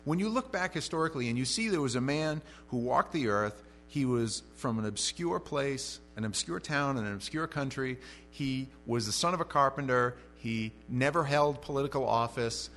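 A man preaching an expository sermon as pastor. He moves between conversational asides and emphatic lines, with big swings in loudness and pitch. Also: lively intonation, normal speed, faint music behind.

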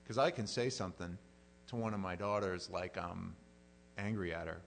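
A middle-aged male pastor delivers a sermon in a chatty, down-to-earth manner. His voice sits a little on the low side, and he slips into the voices of the people he quotes. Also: normal speed, vocal fry, a little hiss or hum. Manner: conversational, plain-spoken, acts out quoted voices.

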